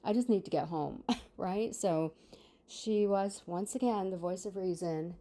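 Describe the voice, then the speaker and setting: A woman's voice: lowish voice, a little slow, warm tone. A woman in her sixties telling a personal story in a chatty, rambling way with many fillers. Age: 60s. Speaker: vlogger. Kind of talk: casual storytelling monologue.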